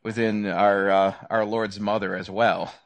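A Lutheran man in a casual theological discussion, speaking hesitantly with many pauses and fillers. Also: lowish voice, fairly even intonation, creaky, muffled recording. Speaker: Lutheran pastor.

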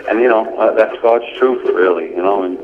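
A former police sergeant, a man, telling a personal story in a radio interview in an earnest, reflective way, halting with many fillers. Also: fairly low pitch. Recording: muffled radio audio with steady background noise.

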